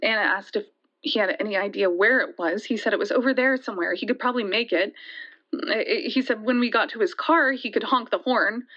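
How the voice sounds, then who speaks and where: A woman's voice: medium pitch, a bit bright, lightly acted. A woman as a shaken young caller. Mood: tense. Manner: halting, repeats words when tense. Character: shaken young woman retelling a deadly night. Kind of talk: audio drama monologue. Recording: dull lo-fi sound.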